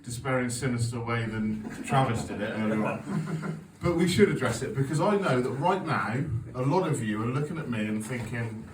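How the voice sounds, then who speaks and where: A man's voice: medium pitch, animated, moderate pace, hardly any pauses, background noise. A man in his forties doing a stand-up comedy set, telling sweary, self-mocking stories with an audience laughing along. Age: 40s. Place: comedy club stage. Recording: echoey venue, taped from a distance.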